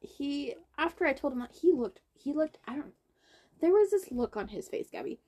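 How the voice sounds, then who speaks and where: A young woman chats casually on her podcast, her pitch leaping around as she tells the story. She acts out the other people's lines with big swings in her voice, in a loose, rambling way. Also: expressive, normal speed, dark tone. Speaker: podcast co-host. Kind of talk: casual chat.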